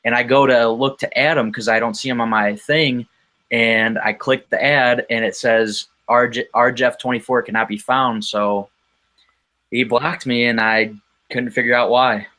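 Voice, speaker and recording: A man's voice: medium pitch, steady tone, unhurried, bright, forceful tone. A man talking as a guest on a podcast, telling a casual story in a rambling way with frequent ums and restarts.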